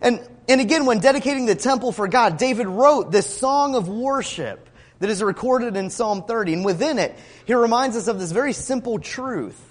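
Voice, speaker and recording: A man preaching a sermon, expressive, rising to emphatic cries when he quotes scripture. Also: extremely high pitch, moderate pace, long reverb tail. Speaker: pastor.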